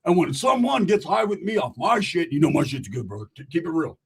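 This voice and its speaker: A man with a high, husky voice spins a rambling, profane story in street slang. He drifts between asides and punchlines in a loose, streetwise way. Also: sing-song, brisk. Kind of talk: casual storytelling.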